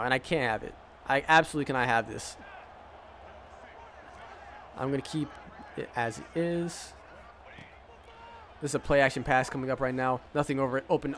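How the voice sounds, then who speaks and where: A man's voice: on the high side, fairly bright tone, a little hiss or hum. A man streaming a football video game, giving casual play-by-play commentary full of trash talk and swearing. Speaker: gaming streamer.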